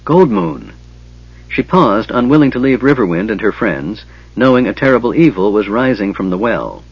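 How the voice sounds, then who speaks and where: A man reading an audiobook in measured, storytelling narration, on a slightly dull recording. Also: on the low side, lively intonation, husky, dry recording. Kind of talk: scripted narration.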